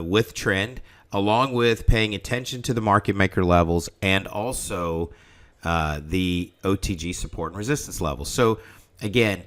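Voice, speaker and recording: A man's voice: low voice, fairly bright tone. A man hosting a live trading session, talking casually and rambling, often restarting his sentences. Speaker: trading room host. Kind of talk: casual live market commentary.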